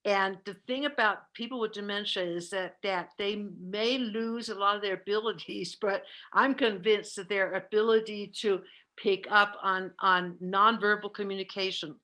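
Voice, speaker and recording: Casting: middle-aged woman trainer, earnest, mid-pitched, often restarts phrases. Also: fairly even intonation, normal speed, bright, forceful tone. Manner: earnest, self-correcting, repeats words. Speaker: caregiving trainer. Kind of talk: presentation with discussion.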